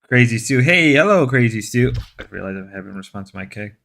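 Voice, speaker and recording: A man's voice: medium pitch, expressive, brisk, gravelly, fairly bright tone. A man streaming live, chatting casually with viewers in a sarcastic, rambling way, repeating and restarting his phrases. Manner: sarcastic, mock-macho joking. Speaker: live streamer reading chat.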